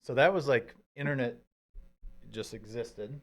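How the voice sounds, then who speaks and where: A man, a guest on a podcast, reminiscing and explaining at an unhurried pace in casual chat. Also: medium pitch, a bit bright.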